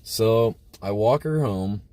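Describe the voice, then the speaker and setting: Taking it slowly, a livestream host with a lowish, dark-toned voice and lively intonation rambles through a crude story for his chat, using many filler words. There's no echo.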